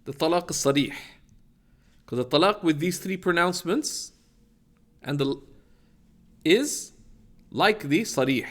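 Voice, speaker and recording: A man's voice: a little high, lively intonation, measured pace, long pauses, fairly bright tone. Man teaching, often asking "right?". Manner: checks in with "right?" often and reads Arabic quotes aloud; thinks aloud with fillers and restarts. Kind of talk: classroom lesson reading a legal text.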